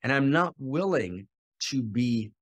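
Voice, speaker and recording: A man's voice: mid-range voice, lively intonation, slow pace, no room sound. Passionate man preaching with rising intensity. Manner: passionate, swings between loud exhortation and quiet intimate asides; repeats phrases for emphasis. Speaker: podcast host and spiritual teacher. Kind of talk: impassioned teaching talk.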